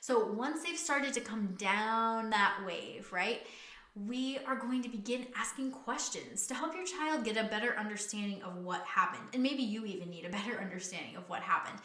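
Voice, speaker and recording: A young woman, a parenting coach, giving earnest, gentle advice straight to the viewer. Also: mid-range voice, moderate pace, echoey room. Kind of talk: direct-to-camera parenting advice.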